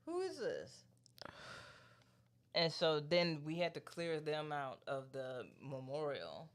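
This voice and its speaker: Smooth-voiced man telling a wild story. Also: fairly high pitch, unhurried. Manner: loose, profane, animated storyteller who quotes people. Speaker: podcast co-host. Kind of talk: casual chat, storytelling.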